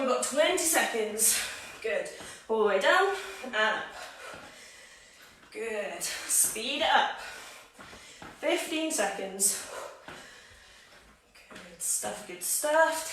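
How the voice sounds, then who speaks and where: A woman's voice: on the high side, fairly bright tone, slight background noise. A woman fitness coach leading a home workout, counting down reps and chatting between sets, out of breath. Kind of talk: live workout instruction. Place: room at home. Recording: echoey room, voice far from the mic.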